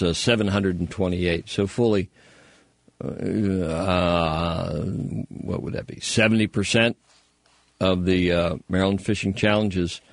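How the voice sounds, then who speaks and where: Deep-voiced guy hosting a radio call-in show, laid back, lots of uhs, dry close sound. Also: dry recording. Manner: easygoing, rambling with many fillers. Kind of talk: casual call-in radio talk.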